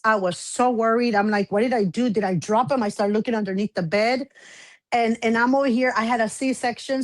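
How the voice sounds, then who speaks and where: A woman guest telling a personal story in casual chat, animated, acting out the back-and-forth she describes. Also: fairly high pitch, no echo. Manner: animated, acts out quoted exchanges.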